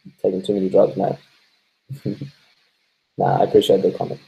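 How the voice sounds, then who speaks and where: Laid-back Australian man, lowish voice. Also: little pitch movement, normal speed, creaky, mellow, rough recording. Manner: laid-back, swears freely, laughs often, reads comments aloud. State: stoned. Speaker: live-stream host reading viewer chat. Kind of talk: casual live-stream chat.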